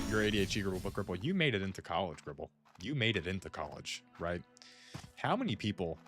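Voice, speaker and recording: A man's voice: on the low side, fairly bright tone, slight background noise. A man gaming and chatting casually, rambling with lots of "like" as he muses aloud to friends. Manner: rambling, heavy use of "like", musing aloud to friends. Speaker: gaming streamer. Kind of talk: casual chat while playing a game.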